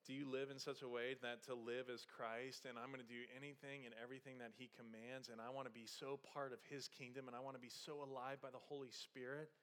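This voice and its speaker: A male pastor preaching a sermon, moving from soft conversational storytelling with humor to raised, passionate exhortation. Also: medium pitch, level tone, fairly quick, hardly any pauses.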